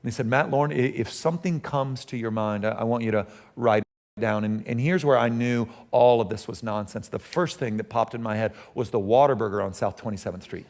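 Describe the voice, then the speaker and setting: A middle-aged pastor tells a story from the pulpit, his voice carrying a gravelly edge. He talks in a loose, conversational way, often restarting his sentences as the story builds. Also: mid-range voice, brisk, a little mellow. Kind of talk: sermon storytelling.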